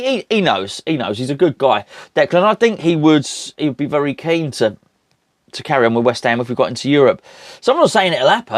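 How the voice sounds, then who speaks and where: A man's voice: medium pitch, dry recording, clean studio sound. A man from England rambling casually about football transfers and snacks, often restarting his sentences. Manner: rambling, chatty, self-interrupting. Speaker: football podcast host. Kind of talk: casual chat.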